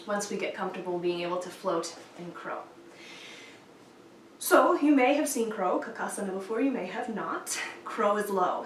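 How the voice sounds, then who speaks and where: A woman yoga teacher talks through the poses in a calm, slow way and then tells an old myth as a story. Her voice sounds roomy and set back from the mic, with faint noise behind her. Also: medium pitch, far from the mic.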